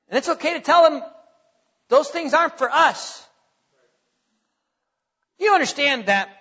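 A male pastor preaches a sermon, repeating himself emphatically and slowing down for drama. His voice is very high, bright, and forceful with a breathy edge. The recording, made in a church sanctuary, sounds dull and has a long reverb.

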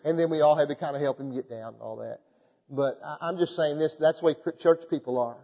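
A pastor preaching a sermon, moving from folksy storytelling into fervent, emphatic exhortation. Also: male voice, on the high side, a little fast, gravelly, in a large hall, muffled recording.

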